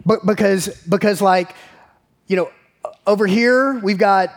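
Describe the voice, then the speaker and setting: A man, preaching a sermon and telling a family story in a folksy, animated way. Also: high voice, a little slow. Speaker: pastor.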